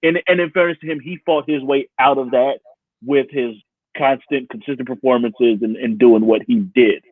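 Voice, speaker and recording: A man co-hosting a casual sports chat, talking in an animated, profane way and laughing often. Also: mid-range voice, moderate pace, no echo. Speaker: podcast co-host. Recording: tinny phone-like sound, dry.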